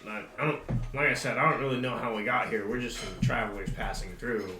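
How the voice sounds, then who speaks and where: A man's voice: mid-range voice, steady tone, quick pace, noisy background. A man playing his character in a tabletop game, talking hesitantly with many restarts. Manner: hesitant, stumbling. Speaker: player. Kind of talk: casual tabletop role-play. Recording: echoey room with music behind.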